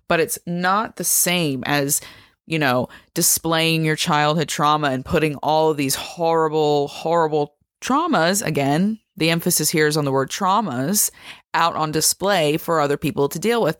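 Earnest low-voiced woman explaining. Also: a bit bright, no room sound, clean studio sound. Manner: earnest, emphatic, repeats "right?" and "okay?" to check in. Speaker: speaker explaining a psychology topic. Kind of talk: explanatory monologue, podcast-like.

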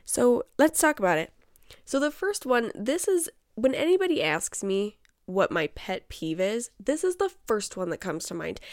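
A woman's voice: medium pitch, no room sound, clean studio sound. A woman hosting her own show, talking casually in a chatty, exasperated way and often laughing. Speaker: podcast host. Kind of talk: casual solo chat.

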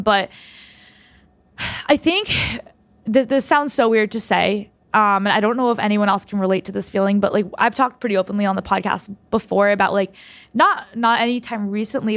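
A young woman hosting a podcast, telling a personal story in a rambling, heartfelt way with many restarts. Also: medium pitch. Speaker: podcast host.

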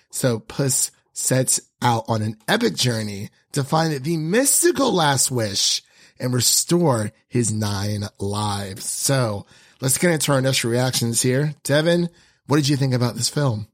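A man's voice: mid-range voice, expressive, measured pace. Hesitant man hosting a film chat. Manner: hesitant, many ums and restarts. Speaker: podcast host. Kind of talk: casual film review chat.

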